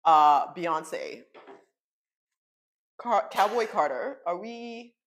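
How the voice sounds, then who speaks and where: Animated, cussing mom co-host. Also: female voice, medium pitch, very slow. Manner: animated, swearing, laughs often, acts out quotes. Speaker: podcast co-host. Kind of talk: casual chat.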